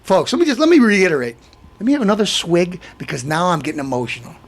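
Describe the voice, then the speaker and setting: A man's voice: sits high, sing-song, quick pace, a little hiss or hum. A middle-aged man hosting his own show, telling an aggrieved story in a rambling, indignant rant full of restarts. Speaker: show host. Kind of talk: ranting monologue.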